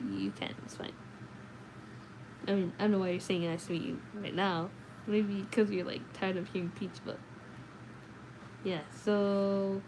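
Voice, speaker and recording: A young woman streaming live as she reads a novel aloud, louder on the dialogue and chatting casually with viewers between passages. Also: medium pitch, rough recording. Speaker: livestreamer reading a novel aloud. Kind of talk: reading aloud with chat asides. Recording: faint background noise.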